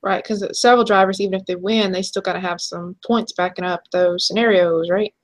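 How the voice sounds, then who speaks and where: A young woman co-hosting a casual chat show, chatty and quick to laugh. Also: mid-range voice, steady tone. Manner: chatty, laughs easily, trails off and restarts. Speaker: podcast co-host.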